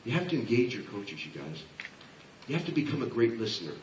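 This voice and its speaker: Animated male business speaker, echoey room. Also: medium pitch, fast talker, recorded from a distance, a little hiss or hum. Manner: animated, repeats and restarts, acts out people's replies. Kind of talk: motivational presentation to an audience. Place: large room before a live audience.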